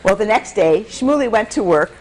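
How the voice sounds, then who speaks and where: Animated woman storyteller from Michigan. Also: medium pitch, moderate pace. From Michigan, USA. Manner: animated, coaxes the audience to repeat words. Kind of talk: telling a folktale to a live audience.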